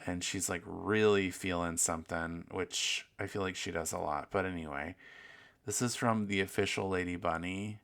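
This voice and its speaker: A man with a low, gravelly voice hosts a loose solo podcast. He rambles and curses freely and pokes fun at his own lack of planning. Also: steady tone, moderate pace, fairly bright tone. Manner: rambling, profane, self-mocking. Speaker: podcast host. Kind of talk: casual solo podcast chat.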